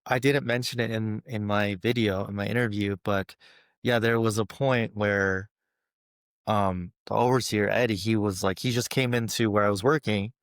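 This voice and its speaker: A man with a lowish voice chats in a relaxed, slightly hesitant manner, stumbling over words now and then. The recording is dry and close, with little room sound. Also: moderate pace, no echo. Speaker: panel guest, former church member. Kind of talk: casual conversation.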